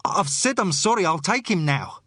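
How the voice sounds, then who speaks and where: Well-off island gentleman, courteous and apologetic with a firm edge, voice lifted higher, as a male reader puts him on, dry close recording. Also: expressive, normal speed, no echo, exaggerated voice. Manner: apologetic, courteous, raised pitch. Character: wealthy male island landowner, polite but firm.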